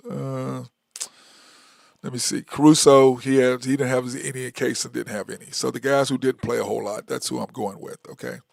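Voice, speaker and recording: A man with a gravelly, fry-tinged voice talks his way through a sports opinion monologue as the show's host. He rambles, restarts and counts stats aloud in a loose, casual way. The sound is dry and close, with no room around it. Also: mid-range voice, little pitch movement, normal speed, darkish tone, no echo. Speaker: sports talk show host.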